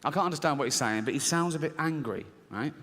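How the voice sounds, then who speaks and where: Speaking fast in a voice on the high side, a middle-aged stand-up comic acts out both sides of an inner argument while animatedly telling a story. He's on a large theatre stage, captured by a stage mic in a reverberant hall with a faint audience.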